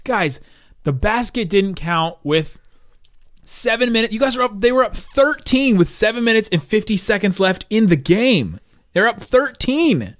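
A man co-hosting a casual sports podcast, rambling and animated, laughing often. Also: high-pitched, a little slow, no room sound, clean studio sound. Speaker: podcast co-host.

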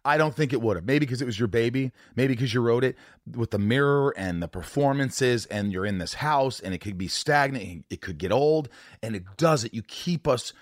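Chatty host guy, pitch all over the place, cusses a lot, dry sound. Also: moderate pace, dry recording. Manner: animated, swearing, emphatic. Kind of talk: casual conversation.

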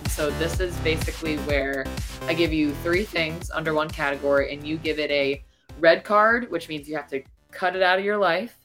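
Woman, low voice, podcast host, casual interview, plain friendly explaining. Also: normal speed, fairly bright tone, faint music behind.

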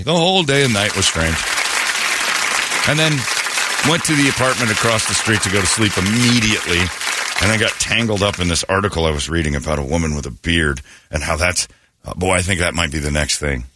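A man's voice: sits low, brisk, over a noisy crowd, very noisy. A man hosting a radio morning show, telling a story casually and acting out the people in it. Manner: animated, acts out the people in his stories.

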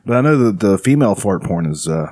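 A man's voice: low voice, sing-song, fast, a little mellow, husky. A man co-hosting a reaction show, musing with amusement about what he sees. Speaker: co-host. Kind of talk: reaction commentary.

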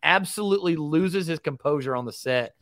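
A man co-hosting a casual sports podcast, telling animated stories and acting out quotes. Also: fairly high pitch, fairly quick. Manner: animated storyteller, acts out quotes. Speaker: podcast co-host.

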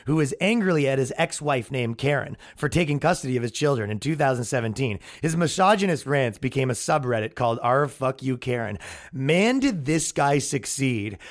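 Sarcastic man with a higher voice. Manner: sarcastic, mocking, animated. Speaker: podcast host. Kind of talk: comedic commentary.

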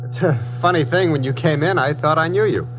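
An actor playing a friendly, inquisitive elevator operator in a 1950s radio drama. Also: male voice, fairly high pitch, brisk, close to an everyday voice. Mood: curious. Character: chatty, curious male elevator operator. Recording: noisy muffled radio broadcast.

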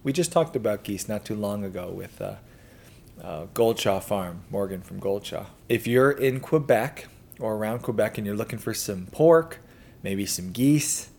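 Relaxed chatty homesteading host, lowish voice. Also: male voice, normal speed, gravelly. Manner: relaxed, chatty, self-deprecating. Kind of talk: casual talk to camera.

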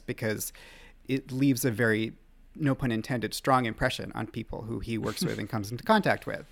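A man, a magazine writer, as a guest on an interview podcast, telling animated anecdotes with quick laughs. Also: medium pitch, vocal fry.

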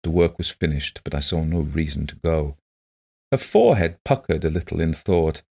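A man with a very deep voice narrates a story in a measured, literary manner. His tone has a gravelly fry to it. The reading is unhurried and deliberate. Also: expressive, mellow.

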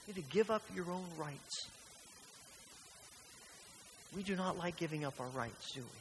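A man's voice: on the high side, animated, moderate pace. A man preaching a sermon in a church, earnest and fond of rhetorical questions. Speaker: pastor. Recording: reverberant church hall with faint hiss.

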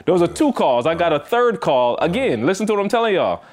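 A man hosts a motivational podcast in a relaxed, conversational way. His voice sits a little high for a man. He talks with emphasis and keeps repeating his key lines to make them land. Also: fairly quick. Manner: emphatic, repeats himself for stress. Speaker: podcast host. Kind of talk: casual motivational podcast talk.

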